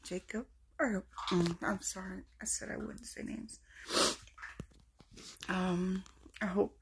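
A woman recording a personal video message to children she misses, speaking softly and tenderly, often in a hushed whisper. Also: mid-range voice, steady tone, slow, gravelly, pauses often, noisy background. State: fighting tears. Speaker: vlogger addressing absent children.

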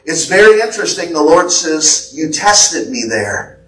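A man's voice: a little high, very animated, a little slow, a bit bright. Fervent preaching man, echoey church. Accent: American. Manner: fervent preaching, relaying prophetic words. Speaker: pastor. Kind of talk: sermon. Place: church sanctuary. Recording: echoey church hall, voice from a distance.

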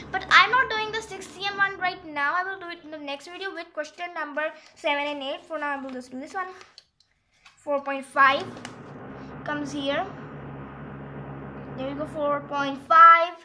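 A woman's voice: high-pitched, normal speed, bright, forceful tone, a little hiss or hum. A woman explaining a geometry exercise step by step in a casual, rambling way, often stopping to correct herself and apologize. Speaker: math tutorial maker.

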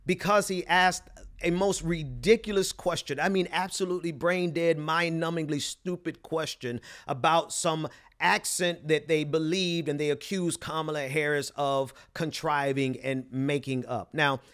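A man from Mississippi with a softened Southern accent, hosting political commentary in an emphatic, scornful way with frequent restarts. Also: a little high, fairly even intonation, a little slow.

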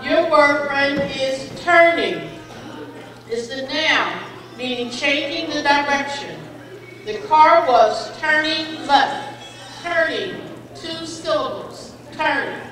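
A woman pronouncing spelling bee words slowly and clearly, with definitions and example sentences, encouraging each speller. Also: high voice, expressive, a bit bright, a little hiss or hum. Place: school gym or hall. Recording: echoey hall, far from the mic, faint crowd.

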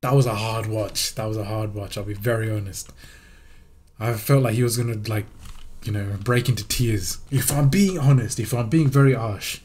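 A man's voice: lowish voice, normal speed, a little mellow. A young man hosting a reaction video, talking candidly in slang and swearing freely. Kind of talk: casual reaction commentary.

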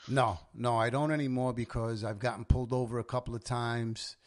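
A man's voice: medium pitch, fairly quick. A man, hosting a casual podcast and telling stories with lots of swearing. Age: 40s. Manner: swears often, animated storyteller. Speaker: podcast host. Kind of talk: casual chat.

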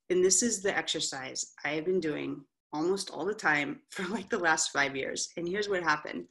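A middle-aged woman giving a candid motivational talk to an audience as an author and coach, telling stories in an animated way and checking in with the room with frequent asides. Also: sits low, normal speed, gravelly, hardly any pauses. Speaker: author and coach, guest speaker.

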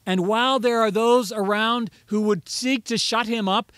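A man's voice: high voice, measured pace, few pauses, a bit bright, no room sound. A man preaching a sermon as pastor, earnest and rising to emphatic pleading on key phrases.

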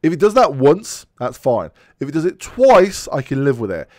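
A man's voice: on the high side, sing-song, normal speed, darkish tone, dry recording, clean studio sound. A man hosting a podcast in casual chat, ranting bluntly and swearing freely. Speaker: podcast host.

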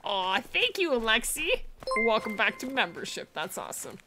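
A woman's voice: a little high, sing-song, moderate pace, over music. A woman streaming a hunting game live, chatting casually, thanking viewers and often laughing. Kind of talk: live gameplay stream chat.

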